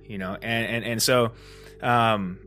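A man hosting a solo podcast, telling a story in a rambling, casual way, full of fillers and restarts, and lively when he acts out the moments. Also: on the low side, takes it slowly, faint music behind. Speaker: podcast host.

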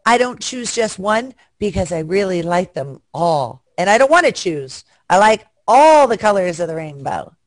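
A woman's voice: medium pitch, big pitch swings, moderate pace, few pauses, dry recording. A woman guest chatting frankly and bawdily on a video call, joking as she goes. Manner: frank, bawdy, jokey. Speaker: guest performer. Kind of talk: casual chat.

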